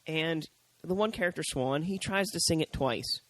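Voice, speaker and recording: Animated profane man reviewing a movie. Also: moderate pace, no room sound, poor audio. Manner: animated, profane, mimics characters in high voices. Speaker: podcast co-host. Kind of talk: casual review chat.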